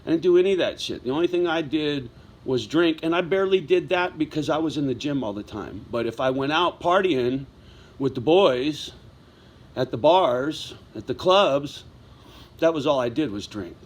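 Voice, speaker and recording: A man's voice: a little high, lively intonation, normal speed. A middle-aged man telling a story in a casual vlog monologue, blunt and heavy with swearing, wound up as he talks. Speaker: vlogger.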